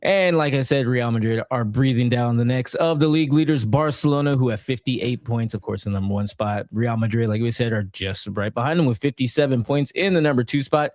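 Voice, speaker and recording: A man's voice: medium pitch, a little fast, few pauses, a little mellow, no room sound, studio quality. A man co-hosting a soccer podcast, reading out results and standings in a playful, sometimes sing-song way. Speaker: podcast co-host. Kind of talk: casual soccer match review.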